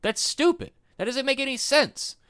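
A man hosting a podcast, giving solo political commentary in a rambling, animated way and often repeating himself. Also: very high-pitched, moderate pace, no echo, clean studio sound. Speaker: podcast host.

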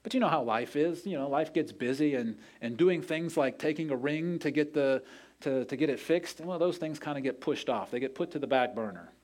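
A man's voice: a little high, fairly quick, darkish tone. A man preaching a sermon, telling a story in an earnest way and acting out the quoted voices. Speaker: pastor.

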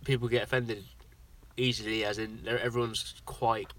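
Bright-voiced young man, giggly co-host. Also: on the low side, level tone, moderate pace. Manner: laughs often, rambling. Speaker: podcast co-host. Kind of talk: casual chat.

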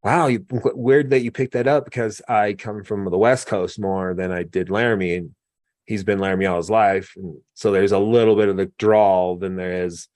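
A man's voice: on the low side, normal speed, dry recording, clean studio sound. Easygoing man chatting on a podcast. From Oregon. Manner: rambling, animated storyteller who mimics others' voices. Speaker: podcast host. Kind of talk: casual conversational interview.

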